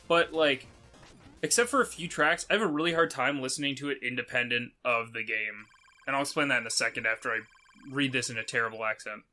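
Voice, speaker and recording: Rambling bright-voiced man playing a game. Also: mid-range voice, fast, soft background music. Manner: rambling, lots of fillers and casual swearing. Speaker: let's play host. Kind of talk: casual gameplay commentary.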